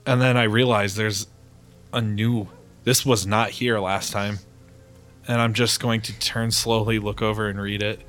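A man's voice: fairly low pitch, level tone, a little slow, a bit bright, soft background music. A man playing a tabletop game, earnestly describing his character's actions. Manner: earnest, emotional, narrating his own actions. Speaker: player.

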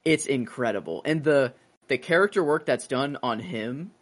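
A man hosts a casual podcast chat, rambling with lots of fillers and restarts. His voice is medium-pitched and a bit bright, with lively intonation at a normal speed.

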